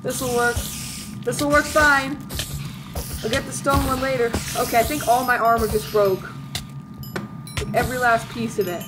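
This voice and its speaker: A woman's voice: on the high side, fairly even intonation, moderate pace, pauses often, over music. A woman hosting a let's-play video, chatting through a game in a playful, mock-dramatic way. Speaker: gaming video host.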